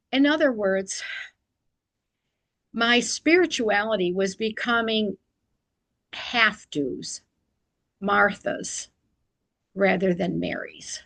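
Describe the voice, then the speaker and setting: A woman's voice: on the high side, measured pace, a bit bright, no room sound, poor audio. Earnest woman sharing a devotional reflection. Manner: earnest and confessional, often self-deprecating. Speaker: Christian devotional speaker.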